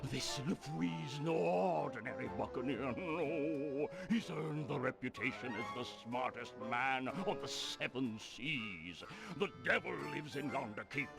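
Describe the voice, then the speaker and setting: An actor playing a gruff, boastful old male pirate barkeep in a video game, speaking in salty pirate slang with a gravelly drawl. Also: medium pitch, expressive, a little slow, few pauses. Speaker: game character. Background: game music.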